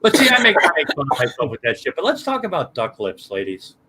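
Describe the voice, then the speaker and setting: A man's voice: on the high side, wildly swooping pitch, fast, very noisy. A man chatting as a guest, telling rambling, profane stories with lots of restarts. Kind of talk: casual podcast chat.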